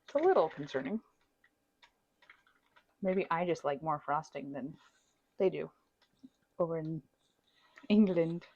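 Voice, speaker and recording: A woman's voice: low voice, animated, a little slow, long pauses, a little mellow, dull audio. A woman baking at home who chats while she decorates a cake. She pokes fun at herself and laughs often. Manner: chatty, self-deprecating, laughs often. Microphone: wireless microphone.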